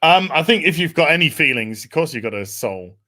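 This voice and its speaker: A man's voice: a little high, very animated, a little fast, bright, forceful tone. A man hosting a casual podcast, swearing freely and reading out viewer messages. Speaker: podcast host.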